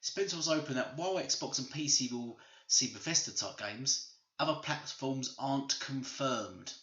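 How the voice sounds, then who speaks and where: A man hosts a gaming video, hammering home his opinions with emphatic, repetitive phrasing. His voice is sharp and bright. The room echoes around him, and the recording sounds a little dull. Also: medium pitch, normal speed. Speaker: gaming channel host.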